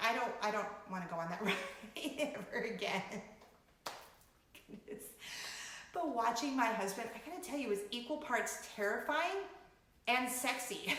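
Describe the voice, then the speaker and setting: Animated woman vlogger in an echoey room. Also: on the high side, normal speed, a little hiss or hum. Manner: animated, laughing, dramatic retelling. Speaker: vlogger host. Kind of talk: casual storytelling vlog.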